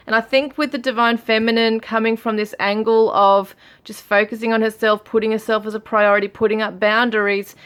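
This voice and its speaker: A woman giving a relaxed tarot reading, musing aloud with frequent fillers as she reads out card messages. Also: on the high side. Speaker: tarot reader. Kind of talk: casual tarot reading for viewers.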